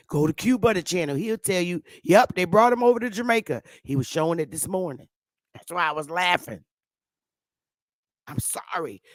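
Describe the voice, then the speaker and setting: A woman hosting her own livestream, ranting in casual talk, profane and combative, with loud outbursts. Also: low-pitched, no echo, studio quality. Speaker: livestream host. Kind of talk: heated casual livestream rant.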